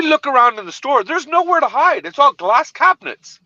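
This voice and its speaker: Bright, lively man telling a story. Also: very high voice, normal speed, few pauses, low-quality recording. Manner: animated, laughs while telling stories. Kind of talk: casual storytelling chat.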